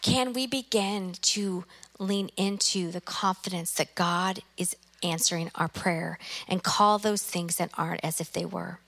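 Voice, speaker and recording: A woman's voice: lowish voice, a little slow, creaky, a bit bright. A middle-aged woman pastor preaching a sermon, emphatic and exhorting, often repeating phrases for effect.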